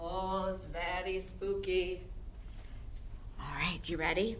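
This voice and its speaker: A woman music teacher leading an online music lesson for young children, with an animated sing-song manner. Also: lowish voice, slow, long pauses, slight background noise. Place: indoor classroom.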